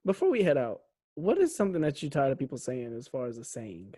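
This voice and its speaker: A woman's voice: a bass voice, wildly swooping pitch, fast, dark tone, slightly rough. A woman from Little Rock, Arkansas, co-hosting a podcast in loose, profane, joking banter that often talks over her co-host.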